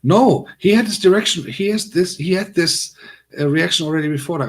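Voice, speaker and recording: A man's voice: sits high, fairly quick. A man hosting a casual livestream, talking to his chat in a rambling, chatty way with many fillers. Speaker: livestream host.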